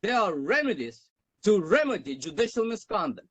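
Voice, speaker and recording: Combative high-voiced man arguing in court. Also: big pitch swings, normal speed, fairly bright tone, dry recording, rough recording. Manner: combative, interrupting, insistent. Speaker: defendant in traffic court. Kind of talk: arguing his case.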